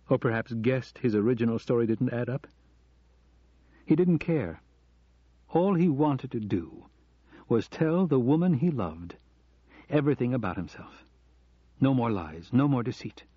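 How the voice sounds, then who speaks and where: A man narrating an audiobook in a calm, measured storytelling manner. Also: mid-range voice, breathy edge, no room sound. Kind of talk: scripted narration. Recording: dull lo-fi audio.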